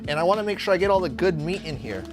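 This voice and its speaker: A brash young man talks his way through a live cooking stream, swearing freely and drifting off topic. His voice sits a little high and swings widely up and down. Guitar music plays clearly under him. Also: expressive, racing. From Arizona. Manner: brash, profane, jumps between topics.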